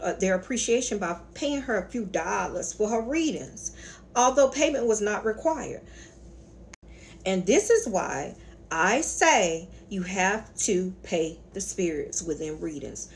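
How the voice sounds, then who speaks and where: A woman's voice: medium pitch, a little hiss or hum. A woman with a Southern accent hosting her own spiritual channel, telling a story in a sassy, colloquial way and calling her viewers honey and y'all. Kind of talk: casual storytelling lecture.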